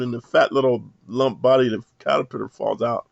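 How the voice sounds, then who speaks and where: A man giving a rambling, profane monologue to camera, rough street talk full of "man". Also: mid-range voice, expressive, quick pace, hardly any pauses, no room sound. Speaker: self-help vlogger. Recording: dull lo-fi dry sound.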